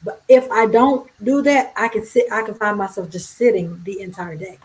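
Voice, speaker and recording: A woman hosting a livestream interview on a video call, chatting casually and agreeing warmly with her guest. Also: medium pitch, moderate pace, low-quality recording. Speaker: livestream host.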